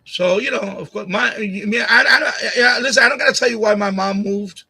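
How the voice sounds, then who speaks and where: Through a USB condenser mic mounted on a boom arm, a middle-aged man streams live, his high-pitched voice fairly quick, pushed and bright with a breathy edge. Casual talk gives way to heated, repetitive confrontation with a chatter. His family is Puerto Rican, and he grew up partly in Puerto Rico.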